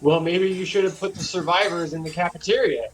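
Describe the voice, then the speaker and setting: A man's voice: sits high, fairly quick, faint music behind, low-quality recording. A man running a tabletop game as game master, describing scenes in a loose, rambling way, full of fillers and swearing.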